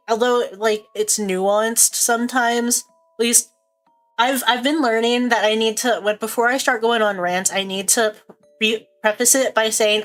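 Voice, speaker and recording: A woman's voice: on the high side, fairly even intonation, normal speed, fairly bright tone, soft background music. Rambling, jokey young woman streamer. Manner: rambling, jokey, laughs often. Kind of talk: casual stream chat.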